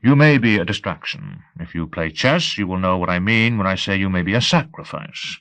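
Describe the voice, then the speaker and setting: A man reading an audiobook, voicing a sad, patient foreign police officer who speaks formally and gravely. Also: sits low, a bit bright, voice pushed down. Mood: measured. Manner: measured, formal, sorrowful.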